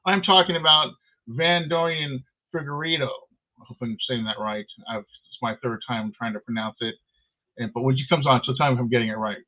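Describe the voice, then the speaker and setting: A man's voice: mid-range voice, brisk. Chatty male host on a tinny line. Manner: chatty, rambling with fillers. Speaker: podcast host. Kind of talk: casual show hosting.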